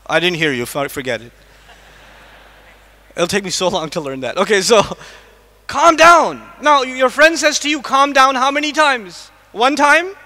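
A man's voice: very high voice, animated, moderate pace, bright, forceful tone. A man giving a lecture to a live audience in a large mosque hall, quizzing the listeners with repeated questions. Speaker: Islamic lecturer. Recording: long echo of a mosque hall.

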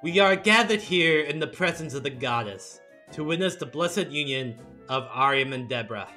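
A man's voice: a little high, lively intonation, moderate pace, pushed and bright, soft background music. A man voicing a solemn wedding priest in a game read-along, formal and intoning.

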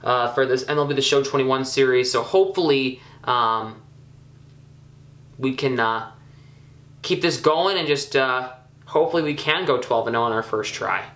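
A young man casually commenting on his own gameplay, chatty and excitable, scolding himself with frequent ums and uhs. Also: medium pitch, normal speed, reverberant. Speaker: gaming YouTuber.

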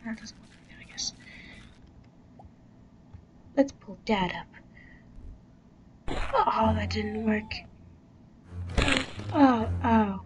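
A woman's voice: on the high side, very slow, long pauses. A young woman giving casual commentary while playing a game, blurting swears and gasps and dropping into whispered asides. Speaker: gamer playing a game on video. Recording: dull lo-fi recording with faint noise.

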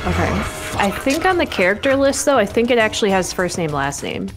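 A woman's voice: mid-range voice, sing-song, a little fast. A woman chatting casually on a game stream, playful and full of questions. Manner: playful, giggly, asks questions. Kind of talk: casual chat while playing. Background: game music.

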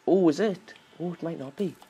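A young man giving casual gameplay commentary as a channel host. He swears constantly and yells at the game whenever it goes wrong. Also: on the high side, brisk, slightly rough, dull audio.

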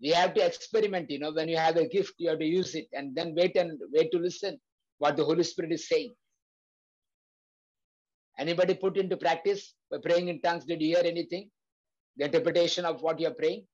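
Leading a Bible study, a man preaches earnestly to a prayer group, repeating phrases and using frequent fillers. His voice is a little high and a little mellow, with fairly even intonation and a brisk pace. The sound is lo-fi.

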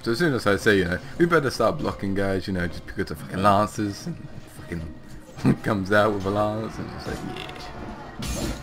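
A man with a low voice narrates his gameplay, swearing and laughing often. His pitch jumps all over as he shifts from loud outbursts to quiet mutters. Faint game music plays underneath. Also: animated, normal speed. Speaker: gaming host. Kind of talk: casual gameplay commentary.

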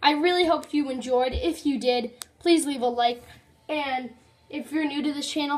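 High-voiced excitable woman gaming. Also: normal speed. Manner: excitable, chatty, exclaiming. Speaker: let's play host. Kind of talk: casual game commentary.

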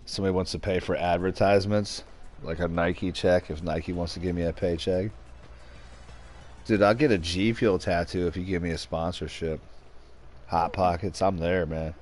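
A man's voice: low-pitched, fairly even intonation, moderate pace, a little mellow, soft background music. A young man giving casual, joking commentary while streaming a game, rambling and snapping at teammates now and then.

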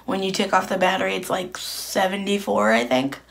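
A woman's voice: mid-range voice, animated, fairly quick, vocal fry. A young woman vlogging to camera in a rambling, blunt, chatty way with lots of fillers. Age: young adult. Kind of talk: casual chat to camera.

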